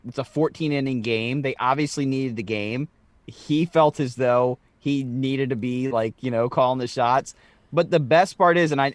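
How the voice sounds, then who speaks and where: A man's voice: mid-range voice, dry recording. A man co-hosting a podcast, telling a story in casual chat, swearing freely with stammered restarts. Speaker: podcast co-host.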